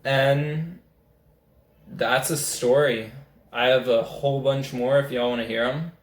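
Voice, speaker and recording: A young man, telling a rambling, excitable story as a casual vlogger. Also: mid-range voice, measured pace. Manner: excitable, rambling, animated retelling. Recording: echoey room.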